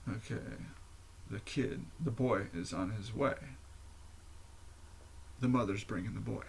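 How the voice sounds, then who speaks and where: A man's voice: lowish voice, a little slow, gravelly, slight background noise. A man hosting his own podcast, talking alone in a candid, profane, rambling way. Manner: candid and profane, explains at length with fillers. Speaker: podcast host. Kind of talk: casual solo monologue.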